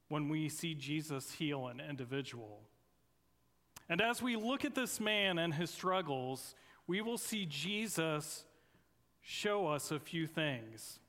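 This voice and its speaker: An earnest man preaching a sermon in a church sanctuary, his voice pitched somewhat high for a man. He speaks in measured phrases with pauses between them. A long reverb from the big room trails after every line. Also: fairly bright tone. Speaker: guest preacher. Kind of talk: sermon with opening prayer. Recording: long reverb of a large hall.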